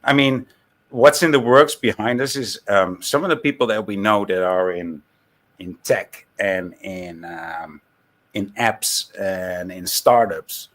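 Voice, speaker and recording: A man from the Netherlands with a Dutch accent chats casually on a call-in stream in a lowish, slightly bright voice, speaking slowly. He rambles, repeating words and restarting his sentences.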